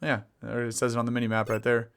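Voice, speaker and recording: A man's voice: medium pitch, monotone, fast talker, vocal fry, a bit bright, clear, resonant tone. A man giving casual, jokey commentary over a game playthrough, laughing often and using slang. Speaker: gameplay commentator. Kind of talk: casual let's-play commentary. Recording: faint game music behind.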